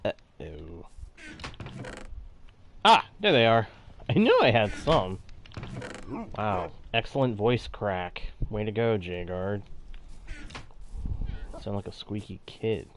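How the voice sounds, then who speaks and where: Lively, unhurried man playing a game. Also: lowish voice, background noise. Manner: chatty, talks to viewers in chat; animated, playful. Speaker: gaming channel host. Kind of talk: casual let's-play commentary.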